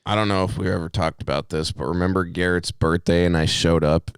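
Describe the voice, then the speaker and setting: A man's voice: deep voice, steady tone, a little fast, clear, resonant tone, no echo, clean studio sound. A young man co-hosting a podcast, telling stories in a laid-back, casual way and swearing freely. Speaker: podcast co-host. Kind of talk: casual chat.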